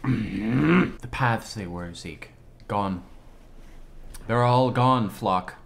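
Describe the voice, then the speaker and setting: A man giving excitable, slangy live reaction commentary on an anime episode, exclaiming and swearing often. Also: lowish voice, very slow, gravelly.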